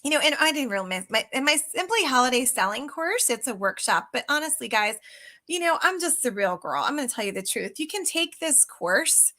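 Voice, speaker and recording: Bright, high-voiced woman sales coach. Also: very animated, a little fast. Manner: chatty, emphatic, addresses viewers as guys. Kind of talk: casual live coaching talk.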